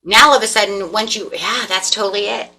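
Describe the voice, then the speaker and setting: A woman giving a casual tarot reading, animated and repetitive, acting out the people in the cards. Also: medium pitch, a little fast. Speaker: tarot reader.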